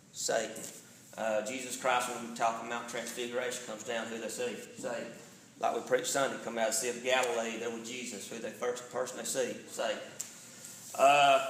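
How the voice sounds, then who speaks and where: A man's voice: mid-range voice, a bit bright, echoey room, a little hiss or hum, low-quality recording. A man, a pastor teaching a Bible study in a casual way, often checking in with the room. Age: 40s. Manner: conversational, checks in with "all right?". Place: church sanctuary.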